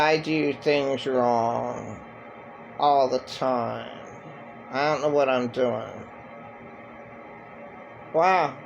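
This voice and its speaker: A man giving a halting, rambling personal monologue with many fillers and restarts. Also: fairly high pitch, gravelly, low-quality recording. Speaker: vlogger.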